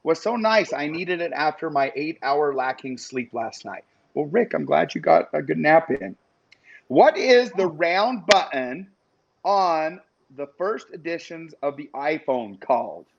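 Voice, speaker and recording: A man's voice: on the high side, lively intonation, a little slow, gravelly, breathy edge, muffled recording. A man with a Western American accent hosting a casual live stream, chatty and upbeat, talking to his viewers as he cooks and reads out trivia questions. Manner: chatty, upbeat, addresses viewers as you guys.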